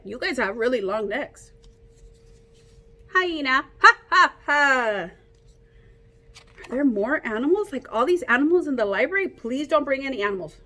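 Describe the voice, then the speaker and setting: A woman reading a picture book aloud to children, animated and playful, coaxing them to join in with call-and-response. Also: a little high. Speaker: children's storyteller.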